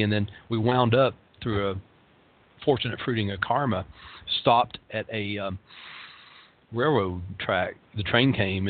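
A man in his late fifties giving a rambling, casual talk on meditation and suffering, with dry humor and many fillers. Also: fairly low pitch. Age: 50s. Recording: tinny phone-like lo-fi sound.

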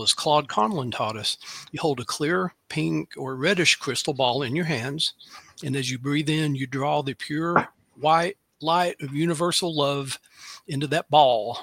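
Husky bright-toned guy, slow calm breathing instructions, dry mic. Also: fairly high pitch, no echo. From Tennessee. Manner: calm, instructive, with audible sighs. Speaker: free spell segment guest.

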